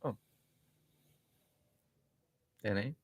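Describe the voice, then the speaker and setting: Soft-spoken male co-host chiming in. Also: extremely slow, no echo. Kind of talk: casual livestream Q&A.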